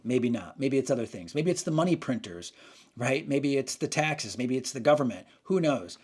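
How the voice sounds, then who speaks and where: A man's voice: medium pitch, darkish tone. A man hosting a casual opinion monologue, rambling and often stopping to correct himself. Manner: rambling, frequent restarts and self-corrections. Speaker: channel host.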